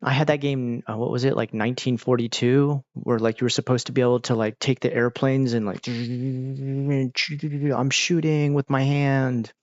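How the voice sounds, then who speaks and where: A man in his thirties chatting casually as a host, animated and profane, often breaking into exaggerated voices. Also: medium pitch, brisk, hardly any pauses, no room sound. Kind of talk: casual rambling chat. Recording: dull lo-fi dry sound.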